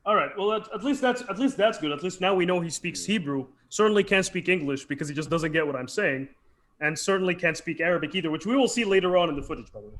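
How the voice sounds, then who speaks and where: A man hosting a casual commentary chat, retelling events in an animated way. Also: high voice. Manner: animated, quick storytelling. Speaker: channel host.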